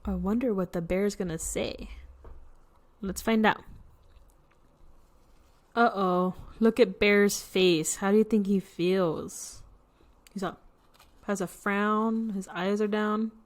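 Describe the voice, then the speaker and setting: A young woman reading a picture book to children, pausing to point at pictures and ask questions. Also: mid-range voice, steady tone. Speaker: storytime reader.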